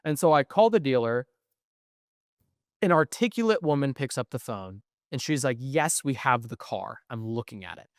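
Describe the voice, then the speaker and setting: A young man in casual podcast chat, telling a story with plenty of swearing and animation. His voice comes through smooth and resonant. The room sounds dead and dry around him. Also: medium pitch, animated, normal speed, no room sound. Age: young adult. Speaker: podcast co-host.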